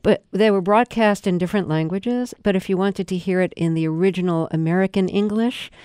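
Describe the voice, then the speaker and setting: Smooth, mellow-voiced woman interviewer. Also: mid-range voice, fairly quick, no echo, studio quality. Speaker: radio interviewer. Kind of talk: interview questions.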